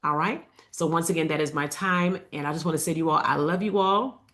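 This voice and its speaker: A woman with a somewhat low voice gives a casual faith coaching talk straight to her viewers. She keeps it conversational, with fillers and asides, and slows down to repeat her key lines. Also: a bit bright. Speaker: faith-based life coach. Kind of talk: casual inspirational talk to camera.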